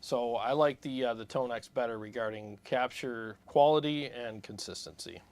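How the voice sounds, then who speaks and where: A man hosting a casual livestream, animated and blunt, laughing often as he talks shop. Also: medium pitch, moderate pace, clear, resonant tone. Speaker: host of a guitar gear livestream.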